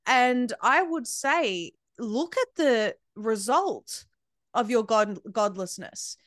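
Slow and a little high, with lively intonation and a slightly bright tone, this is an Australian woman guesting on a podcast as a media founder. She talks emphatically and scornfully, often starting her sentences over, in a dry studio-quality recording.

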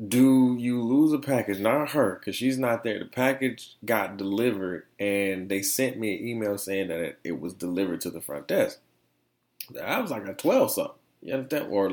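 A man's voice: fairly low pitch, gravelly. A young man hosting a casual solo podcast, rambling and slangy as he tells stories with plenty of animation. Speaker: podcast host.

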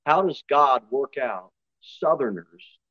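A man with a Northern US accent, a pastor giving a sermon in a conversational style with quick asides and voiced impressions. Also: medium pitch, lively intonation, dry recording, dull audio. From northern United States.

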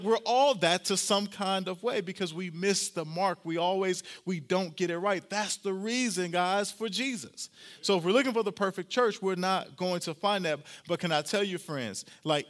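A pastor, a man, preaching a sermon, repeating key phrases, slowing down to stress them, and often talking straight to the congregation. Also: high-pitched, fairly bright tone. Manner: addresses the congregation directly and often.

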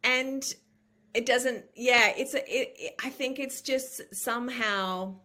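A woman in her fifties from Australia, with an Australian accent carrying a slight American lilt, talking candidly as an interview guest, with lively restarts and a ready laugh. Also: a little high, slow. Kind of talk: casual conversational interview.

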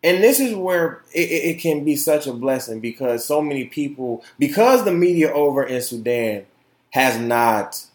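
A man hosting his own podcast, talking in an impassioned, profane way, repeating words and swinging from loud outbursts to quiet asides. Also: medium pitch, expressive, normal speed, reverberant. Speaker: podcast host. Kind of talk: casual opinion podcast monologue.

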